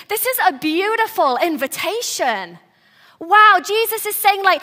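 Bright, high-voiced woman preaching. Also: measured pace. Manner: earnest, soft-spoken with animated bursts and restarts. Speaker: pastor. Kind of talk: sermon.

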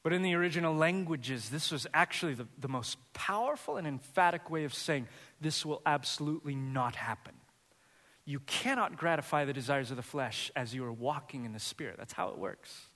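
High bright-voiced preacher in a hall. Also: male voice, a little fast, few pauses. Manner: earnest preaching, rising to an animated high pitch. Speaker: pastor. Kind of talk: sermon.

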